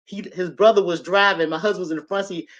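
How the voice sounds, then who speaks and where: This is a woman, telling a story from her own life. She talks in an animated way and speaks straight to her listeners. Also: on the low side, quick pace, highs cut off. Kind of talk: personal storytelling to an audience.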